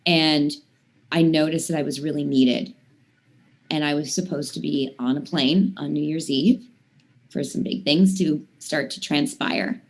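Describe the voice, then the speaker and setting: A singer in her thirties, guesting on a talk show, chats casually and tells long, rambling stories packed with "I mean" and "like." Her voice is low-pitched and steady, and she speaks at a measured pace.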